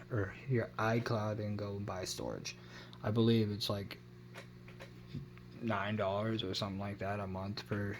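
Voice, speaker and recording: A tech vlogger with a fairly low-pitched voice gives a casual phone review over a slight hiss or hum. He rambles and keeps correcting himself, seemingly unsure of his numbers.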